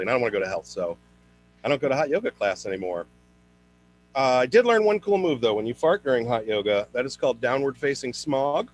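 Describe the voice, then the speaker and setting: Performing stand-up for an online show, a young man shifts into high, exaggerated voices whenever he plays his characters.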